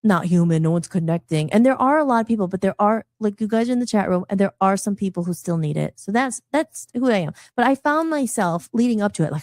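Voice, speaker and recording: A woman's voice: mid-range voice, animated, quick pace, hardly any pauses, darkish tone, no room sound, studio quality. A woman musician talking candidly and passionately, rambling and breaking off her sentences as she goes. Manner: rambling, passionate, self-interrupting. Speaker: musician on a radio show. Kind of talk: candid emotional talk.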